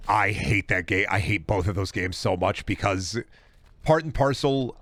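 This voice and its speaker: A man's voice: on the low side, a bit bright. A man streaming games and ranting casually, swearing constantly and rambling through restarts and asides. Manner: profane, heated ranting with frequent swearing. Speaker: game streamer.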